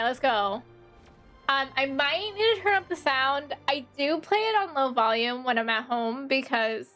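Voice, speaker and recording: A woman live-streaming a game, chatting to her viewers in an animated, exasperated way and muttering to herself as she changes settings. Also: high voice. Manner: animated and exasperated, talking to chat, swinging from grumbling to shrieking. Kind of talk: live-stream chat while gaming.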